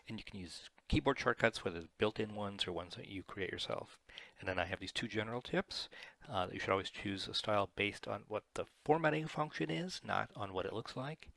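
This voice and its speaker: Low gravelly guy walking through a software tutorial, rambles a bit, fixes himself mid sentence, dry close mic. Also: no room sound. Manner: chatty and digressive, with fillers and self-corrections. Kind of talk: casual screen-share tutorial.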